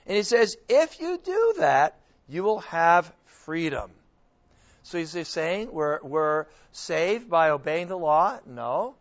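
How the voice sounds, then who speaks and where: A man preaching and teaching scripture to a group, questioning his listeners, with frequent restarts. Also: a little high. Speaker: preacher leading a Bible study. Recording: dull lo-fi recording.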